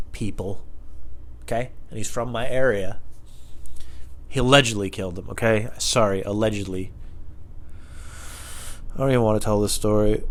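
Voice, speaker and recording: A man comedian hosting a podcast, talking in a rambling, profane, self-mocking way with laughs. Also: lowish voice.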